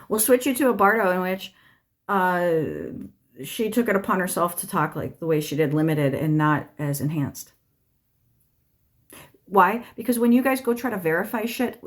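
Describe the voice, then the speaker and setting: A woman hosting a tarot channel, talking in a rambling, profane, wry solo monologue at home, walking between rooms as she talks. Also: lowish voice. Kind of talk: casual stream-of-consciousness monologue.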